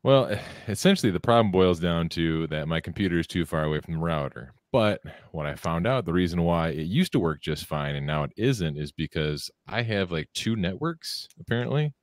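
Very deep, laid-back deadpan man. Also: normal speed, few pauses, no echo. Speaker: podcast co-host. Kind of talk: casual chat. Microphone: remote call microphone.

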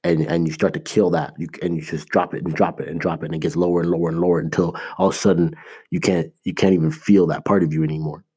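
A man's voice: low voice, level tone, quick pace, warm tone, breathy edge. A man from Canada, a motivational speaker and author, giving an earnest, emphatic talk. He talks conversationally, with lots of "like" and restarts, and he repeats his key phrases.

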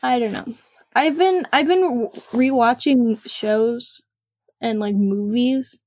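A woman's voice: on the high side, slow pace, darkish tone. A teenage girl chatting casually over a voice call, rambling and giggly as she retells scenes. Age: teens. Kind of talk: casual chat. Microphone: computer mic on a voice call.

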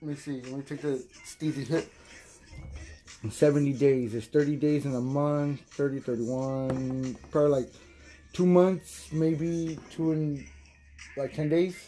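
A young man hosting a casual stoner podcast, high, rambling and profane, laughing often. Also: steady tone, measured pace, dark tone, faint music behind. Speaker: podcast host.

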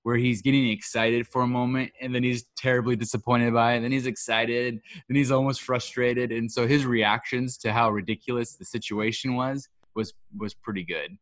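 Relaxed man rambling on a podcast. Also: mid-range voice, normal speed, few pauses, dry recording, clean studio sound. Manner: relaxed, rambling opinions with fillers. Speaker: podcast co-host. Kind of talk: casual chat.

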